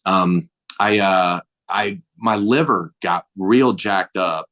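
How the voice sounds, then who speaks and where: A man's voice: low voice, takes it slowly, a bit bright. A middle-aged male comedian telling stories in casual chat, acting out the dialogue and swearing lightly. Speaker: comedian guest. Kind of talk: casual storytelling.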